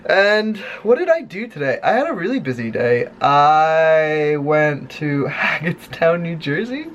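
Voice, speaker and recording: A man chatting casually to camera in a vlog, tired and a bit sick, rambling in a relaxed way. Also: a little slow, dull audio. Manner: gushing high baby talk with dogs. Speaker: vlogger. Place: indoors in bed at night.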